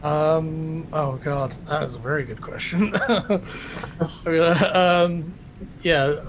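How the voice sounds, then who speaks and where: A man's voice: fairly high pitch, slow, slight background noise. A man playing in a tabletop game, talking casually and hesitantly. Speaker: player. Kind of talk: casual tabletop role-play. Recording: quiet, far from the mic.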